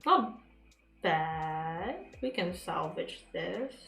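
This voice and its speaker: A woman's voice: on the low side, lively intonation, extremely slow, gravelly, fairly bright tone. A woman streamer chatting casually while she draws, rambling and tossing off sarcastic asides. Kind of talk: casual chat while drawing. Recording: roomy with faint music.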